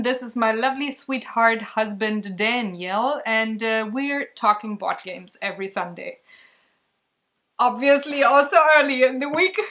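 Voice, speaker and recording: A woman with a slightly high voice hosts a relaxed board game vlog. She talks casually, with plenty of fillers and frequent giggles. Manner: giggly, chatty, many fillers. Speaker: vlog host. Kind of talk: casual chat.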